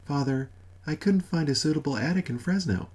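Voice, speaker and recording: A man's voice: on the high side, lively intonation, fairly quick, darkish tone, husky, pitched above the performer's own voice. A man doing a sweet, patronizing old wife. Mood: cross. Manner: soothing, placating, mildly condescending.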